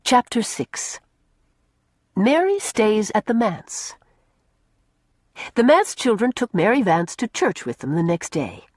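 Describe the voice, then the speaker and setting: A woman's voice: slow, long pauses, no room sound, clean studio sound. A woman narrating a classic novel as an audiobook, telling the story expressively. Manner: expressive storytelling with varied pitch.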